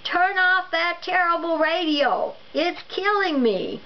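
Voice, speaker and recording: A woman voicing an irritable middle-aged husband whose hearing has become painfully sharp, loud and complaining, in a storybook read-aloud. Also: fairly high pitch, big pitch swings, slow, voice pushed up, exaggerated voice. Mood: pained, agitated. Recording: dull lo-fi recording with faint noise.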